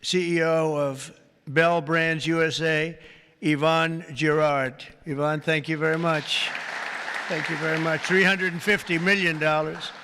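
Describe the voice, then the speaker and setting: A man with a gravelly, bright and fairly high voice makes off-the-cuff remarks at a press conference. He strings formal introductions together with loose, joking asides. The sound carries the long reverb of a large hall. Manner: rambling, jokey asides between formal introductions.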